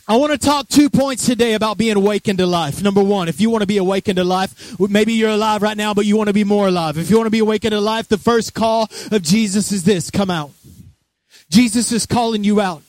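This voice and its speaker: High-voiced, energetic male preacher. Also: fast talker, hardly any pauses, no echo, clean studio sound. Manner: energetic, joking, talks straight to the congregation. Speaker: pastor. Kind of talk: sermon.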